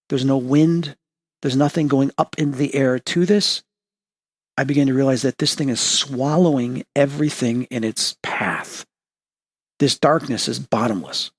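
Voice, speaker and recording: A man hosting a paranormal talk show, earnestly telling a personal dream story and acting out the voices in it. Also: medium pitch. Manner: earnest, acts out voices in his retelling. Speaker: host.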